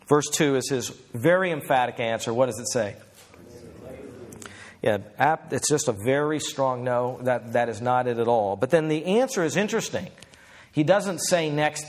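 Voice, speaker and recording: A middle-aged man delivering a sermon at a steady, middle pitch. He talks earnestly and conversationally, often turning to his listeners with questions as he goes. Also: brisk. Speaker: preacher.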